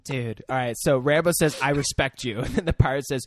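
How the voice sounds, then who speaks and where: A man's voice: on the high side, very animated, a little fast, hardly any pauses. A young man co-hosting a podcast, recapping a movie in a loose, profane, rambling way and often laughing. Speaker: podcast co-host. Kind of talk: casual movie recap chat.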